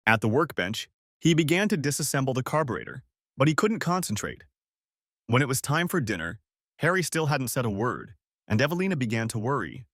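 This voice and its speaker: A man narrating an audiobook story in a steady storytelling way. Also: mid-range voice, a little fast, no echo, studio quality.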